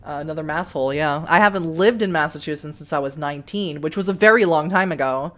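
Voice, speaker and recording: This Boston-area streamer, a middle-aged woman with a faint Boston accent, has a low, slightly bright voice and talks fast. During her let's play of a narrative game, she reads aloud and chats to viewers with rambling restarts and laughs.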